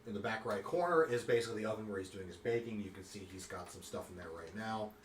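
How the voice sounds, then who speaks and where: A man runs a tabletop game, describing scenes in an easygoing voice full of little pauses. His voice is mid-pitched, and it echoes and sounds distant with a faint hiss. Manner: relaxed, with many fillers. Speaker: game master. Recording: echoey room, far from the mic.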